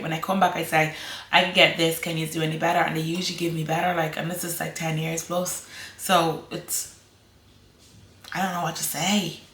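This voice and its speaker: A woman's voice: sits low, a bit bright, reverberant. An Irish woman vlogging casually to camera, chatty and rambling, laughing often. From Ireland.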